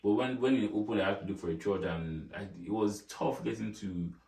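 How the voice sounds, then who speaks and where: Deep-voiced man, distant and echoey. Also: a little fast, vocal fry, darkish tone. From Nigeria. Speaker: co-host. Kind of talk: casual chat.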